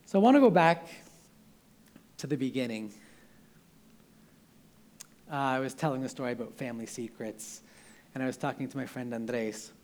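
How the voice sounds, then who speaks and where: A man's voice: medium pitch, animated, normal speed, long pauses, a little mellow. A young man preaching a sermon in an earnest, conversational way, often restarting his sentences.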